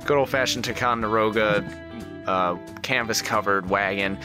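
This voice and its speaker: A man's voice: lowish voice, normal speed, music in the background. A man narrating as game master of a tabletop game, rambling with fillers.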